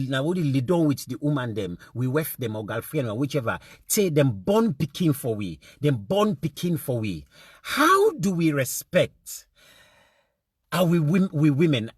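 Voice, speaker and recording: A man's voice: fairly high pitch, husky, dry recording, clean studio sound. A man with a Sierra Leonean accent giving an indignant, impassioned monologue, mixing English with Krio phrasing and repeating words for emphasis. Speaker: speaker addressing fellow men.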